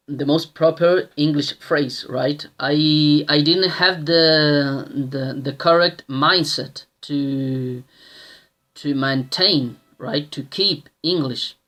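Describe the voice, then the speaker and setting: Man in his thirties, slow and halting, lots of restarts. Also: fairly high pitch, steady tone, fairly bright tone. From Australia. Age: 30s. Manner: slow and halting, with many restarts and tag questions. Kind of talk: casual personal storytelling.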